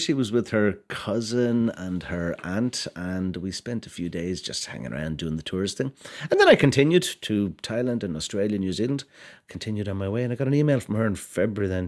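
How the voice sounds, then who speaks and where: A man's voice: on the low side, expressive, fast. An Irish man in his forties, a podcast guest telling his life story in a rambling, self-correcting way. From Ireland. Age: 40s. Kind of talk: casual life-story chat.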